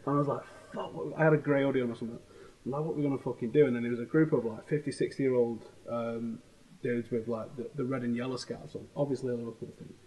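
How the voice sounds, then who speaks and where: A man with a Manchester accent tells lively, profane stories at a rapid clip. His voice is slightly husky, and his speech is loose and conversational, full of slang. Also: medium pitch, low-quality recording. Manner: animated storytelling, heavy swearing, slangy. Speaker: host. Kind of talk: casual chat.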